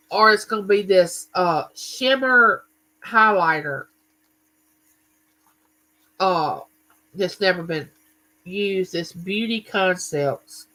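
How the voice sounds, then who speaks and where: A man's voice: sits high, pushed and bright, rough recording. Chatty man hosting a live chat. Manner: chatty, tells stories and greets viewers by name. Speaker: livestream host. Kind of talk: casual livestream chat.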